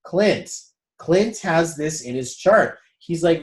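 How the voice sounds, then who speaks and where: A man with a somewhat high voice coaches a group in a loose, conversational way. He swears now and then and keeps talking straight to the group as guys. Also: expressive, takes it slowly. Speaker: spiritual coach leading a group session. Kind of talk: casual group coaching talk.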